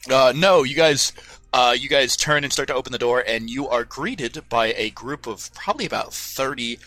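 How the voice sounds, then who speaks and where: Rambling game master man, bright dry voice. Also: medium pitch, normal speed, dry recording. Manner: rambling, self-correcting, filler-heavy. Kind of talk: narrating a tabletop game. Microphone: headphones and desk mic.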